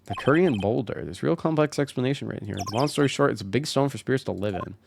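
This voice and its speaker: A man's voice: medium pitch, animated, fast talker, creaky, a little hiss or hum. A man streaming a story game, chatting casually, correcting himself and cursing offhandedly. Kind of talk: casual game let's play commentary.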